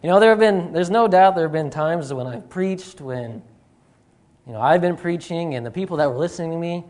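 A man's voice: on the high side, brisk, a little mellow. Man, young adult, guest preacher, casual and joking, church service. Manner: chatty, self-deprecating humor with frequent fillers. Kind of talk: sermon. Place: church sanctuary.

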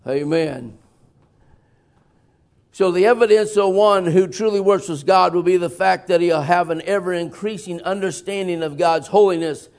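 A man with a drawl preaches in a church sanctuary, his voice pitched high and edged with gravel. He talks in a folksy, emphatic way, with sudden loud bursts and easy chuckles. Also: moderate pace. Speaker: pastor. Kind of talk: sermon.

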